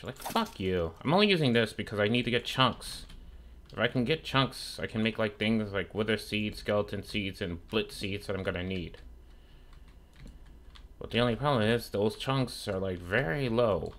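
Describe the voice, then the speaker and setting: Profane low-voiced man streaming a game. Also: expressive, moderate pace, fairly bright tone, a little hiss or hum. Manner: profane, trash-talks game mobs. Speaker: gaming streamer. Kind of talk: casual gameplay commentary.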